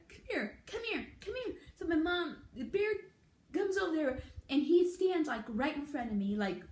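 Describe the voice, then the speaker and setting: A woman vlogger casually telling a childhood story, laughing often as she talks. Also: sits high. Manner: giggly, laughing through the story. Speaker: beauty vlogger. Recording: echoey room.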